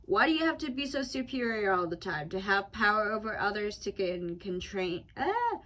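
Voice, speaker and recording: A woman's voice: mid-range voice, very animated, moderate pace, a bit bright. A young woman vlogging from home, talking in a loose, profane, rambling way with frequent laughs. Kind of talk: casual rambling monologue.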